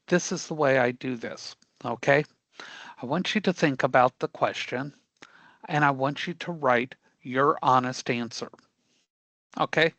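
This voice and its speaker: A man's voice: mid-range voice, a little slow, pauses often, a bit bright, dry recording. A man from Panama with a Spanish accent explains course rules to a live online class. He repeats himself and keeps checking in with "okay?" The recording is dry and close, with little room sound. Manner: repetitive, checks in with frequent "okay?". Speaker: instructor.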